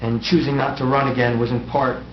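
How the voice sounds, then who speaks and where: A man's voice: medium pitch, flat delivery, a little fast. A middle-aged man, an outgoing mayor, giving a prepared farewell speech from a council dais with wry, self-deprecating humor. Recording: echoey, dull, noisy room recording.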